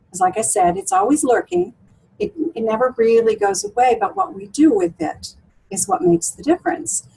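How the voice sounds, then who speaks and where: A woman's voice: high voice, gravelly, darkish tone, slightly rough, low-quality recording. A woman coach for women, talking through client stories in an interview with many fillers and restarts. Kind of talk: interview conversation.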